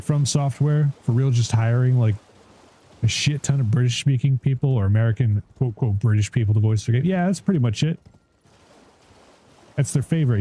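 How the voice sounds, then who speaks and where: Dark-voiced man chatting over gameplay. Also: medium pitch, a little hiss or hum. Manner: rambling, laughs often, swears, puts on joke voices. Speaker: streamer. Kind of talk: casual live gameplay chat.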